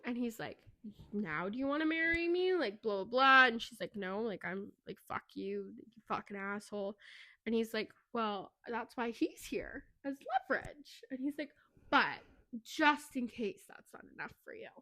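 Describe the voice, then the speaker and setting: A woman co-hosting a book podcast, retelling a plot in casual, profane, animated chat. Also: fairly high pitch, moderate pace, no room sound. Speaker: podcast co-host.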